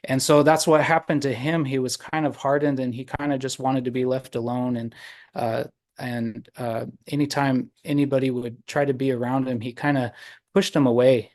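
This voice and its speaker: A man telling a traditional story to an online audience, unhurried, with many pauses and fillers. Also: medium pitch, level tone, a little mellow. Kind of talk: oral storytelling. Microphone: video call.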